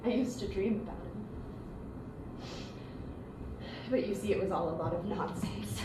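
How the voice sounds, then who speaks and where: A woman's voice: high-pitched, sing-song, measured pace, noisy background. An actress playing a despairing young woman near twenty-four, tearful and breaking in stage acting, recorded from a distance in an echoey room. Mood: hushed. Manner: tearful, breaking between sobs and hushed despair.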